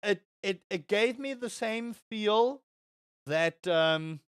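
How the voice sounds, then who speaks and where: A man's voice: high-pitched, lively intonation, slow pace, smooth, dry recording, studio quality. A young man on a casual gaming livestream. He rambles, swears, answers chat and reacts to the game.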